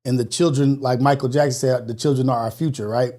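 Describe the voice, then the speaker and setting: Talking quickly in a mid-range voice, a breathless man runs a live morning call-in program in a casual, chatty way. Bursts of energetic exclamation mix with prayerful, motivational remarks.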